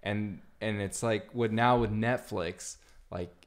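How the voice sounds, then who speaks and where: A man hosting a podcast in a relaxed, rambling casual chat, full of fillers. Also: lowish voice, slow pace. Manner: laid-back, rambling with many fillers. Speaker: podcast host.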